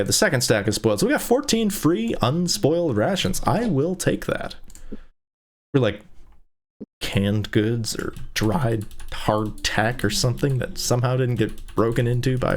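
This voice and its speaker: A man hosting a let's play, giving casual gameplay commentary in a chatty, rambling way with amused asides. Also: mid-range voice.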